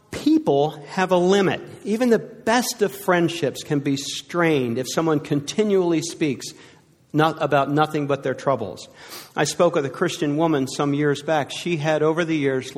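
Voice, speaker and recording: A pastor delivering a sermon, moving between loud, emphatic lines and hushed, soft ones. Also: male voice, fairly high pitch, unhurried. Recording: long hall reverb.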